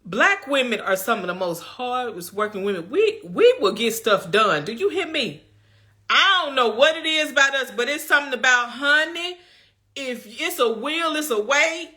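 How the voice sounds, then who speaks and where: Speaking at normal speed with lively intonation, a young adult lifestyle vlogger with a high voice and sharp tone lectures her viewers on self-care. Her motivational talk is emphatic and preachy, delivered in a colloquial, folksy style.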